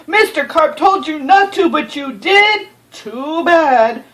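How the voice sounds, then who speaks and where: A woman voicing a brisk, helpful male policeman in a storybook reading, matter-of-fact. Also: sits high, expressive, a bit bright, voice pushed up, full character voice, low-quality recording.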